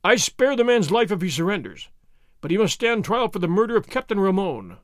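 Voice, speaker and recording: A man voicing a weary, pompous colonial governor who gives in grudgingly, in a slow, lower voice. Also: sing-song, dry recording, clean studio sound. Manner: exasperated, weak and grudging.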